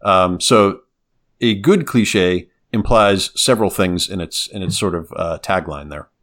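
A man's voice: deep voice, a little slow, fairly bright tone. A man hosting a podcast, talking loosely and laughing often. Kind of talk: casual chat.

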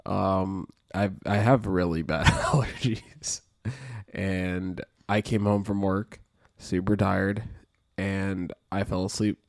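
A man's voice: low-pitched, steady tone, slow pace, gravelly, no room sound, clean studio sound. A man with a stuffy nose, co-hosting a podcast in laid-back, joking casual chat. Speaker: podcast co-host.

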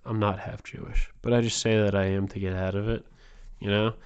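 Male podcast host, lowish smooth voice, rambling crude comic monologue, dull lo-fi recording. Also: moderate pace, hardly any pauses. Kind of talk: comedic monologue.

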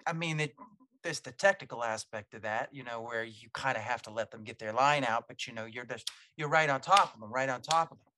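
A man hosting a podcast, talking in a relaxed, casual way with lots of fillers. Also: medium pitch, fairly quick, dry recording. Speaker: podcast host. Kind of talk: casual interview chat.

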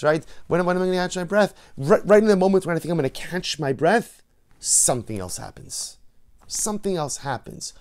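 Animated rabbi giving a sermon. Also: male voice, mid-range voice. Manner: animated, rising to emphatic peaks and dropping to soft asides. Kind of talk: Torah class sermon.

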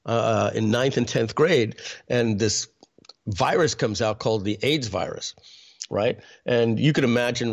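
A man, telling a personal story in a conversational way, full of fillers and restarts. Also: fairly low pitch. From New York. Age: 50s. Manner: conversational, many fillers and restarts, clears throat often.

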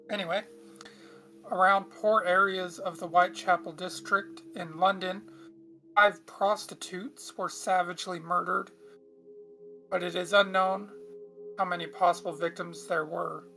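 A woman's voice: fairly low pitch, steady tone, a little slow, pauses often, bright, forceful tone, faint music behind. Chatty woman hosting a podcast. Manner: chatty, reads aloud with frequent asides and throat clearing. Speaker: podcast host. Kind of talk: casual true-crime podcast chat.

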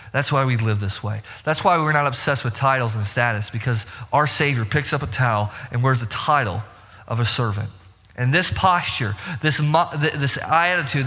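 A man's voice: mid-range voice, bright, forceful tone, in a large hall. A young man preaching a sermon, telling a story against himself and building to emphatic rhetorical questions. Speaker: pastor.

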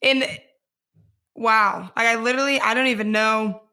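A woman's voice: a little high, steady tone, normal speed, sharp tone. A woman hosting a podcast, reacting in an effusive, emotional way. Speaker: host. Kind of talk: casual podcast chat.

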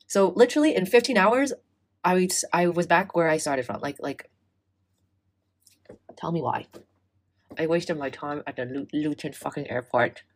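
Young woman, low voice, animated casual storyteller, swears, acts out dialogue. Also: moderate pace, pauses often. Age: young adult. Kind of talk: casual chat.

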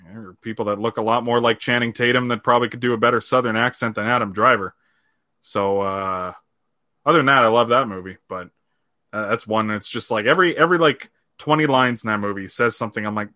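A man's voice: lowish voice, fast talker, bright, forceful tone, no room sound, clean studio sound. A man in casual conversation, giving laid-back, opinionated takes on movies.

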